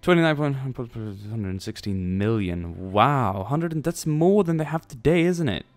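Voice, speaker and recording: A man's voice: medium pitch, lively intonation, normal speed. A man giving casual, rambling commentary over a strategy game, thinking aloud and tossing in jokey asides. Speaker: let's play commentator.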